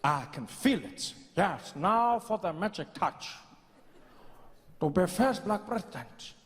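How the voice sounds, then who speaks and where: A man doing a slow, grand, dryly teasing elderly statesman in a stand-up impression, dragging out every word. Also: high-pitched, big pitch swings, big-room sound, heavily acted. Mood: amused coaching. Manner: slow, drawn-out, deliberate delivery with long pauses.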